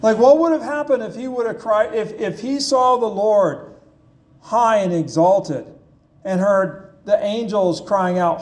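A man delivers a sermon at an unhurried pace, his voice sitting high. He talks in a plain, conversational way and keeps putting questions to his listeners. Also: darkish tone. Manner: slow, conversational preaching with rhetorical questions. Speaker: pastor.

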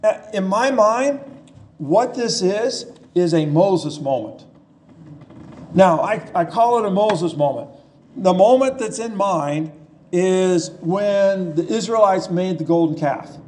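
A man delivers a sermon in a casual, talking-it-through manner, retelling scripture and posing rhetorical questions. His voice sits high for a man and he takes his time. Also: animated, takes it slowly, a little mellow, slight background noise. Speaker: pastor.

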